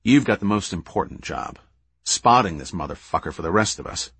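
A man voicing a gruff, profane American intelligence officer in an audiobook. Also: sits low, lively intonation, brisk, fairly bright tone, dry recording, full character voice. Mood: blunt.

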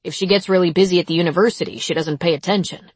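An alarmed, protective grown man, as a woman narrator puts him on, low and husky. He turns urgent and commanding, recorded dry and close in a story reading. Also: fairly even intonation, very fast, no room sound.

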